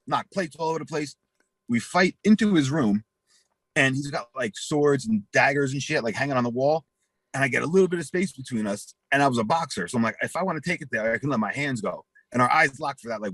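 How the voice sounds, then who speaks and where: A husky man in his forties, telling rambling, profane stories as an interview guest and acting out the voices in them. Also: medium pitch, a bit bright, dry recording. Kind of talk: casual storytelling.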